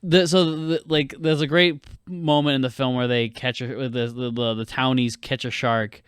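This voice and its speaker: A young man co-hosting a casual film podcast, talking in quick, animated bursts and swearing a lot. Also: medium pitch, clear, resonant tone, no room sound, clean studio sound. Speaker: podcast co-host.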